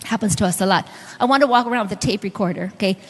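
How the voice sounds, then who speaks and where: A woman's voice: medium pitch, very fast, breathy edge, long reverb tail. A middle-aged woman preaching a sermon, telling stories and speaking directly to the congregation. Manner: storytelling, directly addressing the audience.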